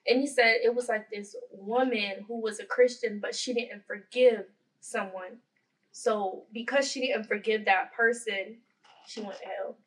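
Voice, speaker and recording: A woman's voice: medium pitch, steady tone, measured pace, recorded from a distance, low-quality recording. A woman co-hosting a podcast, talking casually and earnestly, with lots of "like" fillers. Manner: heavy use of "like", earnest. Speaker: podcast co-host. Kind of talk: casual chat.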